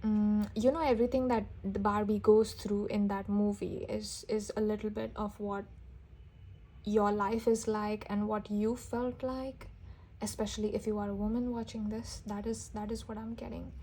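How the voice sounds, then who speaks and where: Her husky, medium-pitched voice stays flat at a normal speed as this woman reads tarot intuitively for her audience. Even so, her manner is gentle and enthusiastic, with frequent restarts and soft little exclamations.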